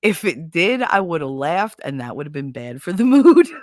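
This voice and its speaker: A woman's voice: fairly low pitch, big pitch swings, normal speed, no room sound, clean studio sound. A middle-aged woman hosting a casual chat, telling stories with lots of laughter and playful swearing. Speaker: host.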